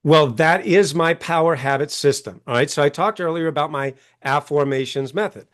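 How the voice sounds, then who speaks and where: A male author and coach, appearing as a guest on an interview show, talks emphatically, acts out quoted voices, and often asks "right?" in animated conversation. His pitch is fairly high and his speed normal.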